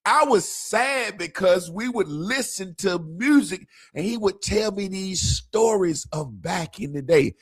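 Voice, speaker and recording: A man with a fairly high voice spins a loose, funny yarn on a casual talk show. He talks in an animated way, laughs often and swears freely. The sound is close and dry. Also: unhurried, hardly any pauses, breathy edge, no room sound. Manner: animated, laughing, profane, quotes friends in lively voices. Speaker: podcast co-host. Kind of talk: casual storytelling.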